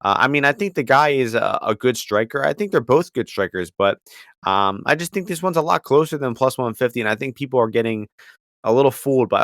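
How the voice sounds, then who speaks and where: A man's voice: mid-range voice, animated, a little fast, a bit bright, no room sound, clean studio sound. A man co-hosting a casual betting podcast, loose and profane, often stumbling over names. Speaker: podcast co-host, betting picks. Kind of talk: casual chat.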